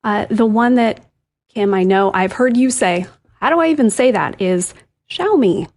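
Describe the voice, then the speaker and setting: Female co-host, husky and breathy, chatty and quick to laugh. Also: medium pitch. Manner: animated, giggly. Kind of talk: casual chat.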